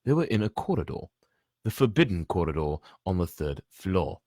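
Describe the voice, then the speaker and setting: A low-voiced man reading a storybook aloud, animated and expressive, with his pitch rising and falling a lot. He stops now and then for chatty asides to his listeners. The sound is dry and close. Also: moderate pace, no room sound.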